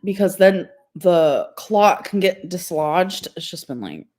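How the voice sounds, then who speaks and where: A woman's voice: lowish voice, lively intonation, takes it slowly, darkish tone. Chatty, giggly young woman streamer. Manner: chatty, rambling, giggly, lots of "like" and "um". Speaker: livestreamer. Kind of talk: casual livestream chat.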